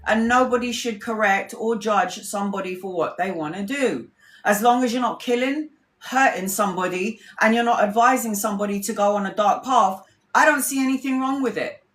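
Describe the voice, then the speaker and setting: A woman tells a rambling personal story for her followers, chatty and quick to laugh, with casual swearing. Her voice sits at an ordinary middle pitch. The room around her gives a noticeable echo. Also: fairly bright tone. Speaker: tarot reader. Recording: roomy echo.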